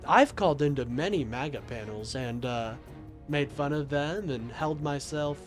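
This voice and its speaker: A young man with a slightly high voice argues with his chat on a livestream, sarcastic and combative, and keeps calling people "my friend." Faint music plays underneath him. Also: lively intonation, normal speed. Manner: argumentative and sarcastic, often says "my friend". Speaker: livestream host taking calls and reading chat. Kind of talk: casual political livestream talk.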